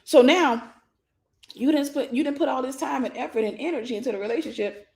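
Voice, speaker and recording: Animated woman minister preaching. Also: high voice, a little fast, vocal fry. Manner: dramatic, acts out scenes and speaks straight to listeners. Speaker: minister and mentor. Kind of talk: animated teaching sermon.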